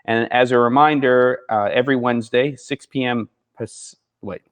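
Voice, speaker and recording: A man's voice: mid-range voice, steady tone, normal speed. A man hosting a live gear show, chatting casually with viewers and reading out their comments, in a slightly sleepy morning voice. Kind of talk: casual live-stream chat. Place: second floor of a barn studio.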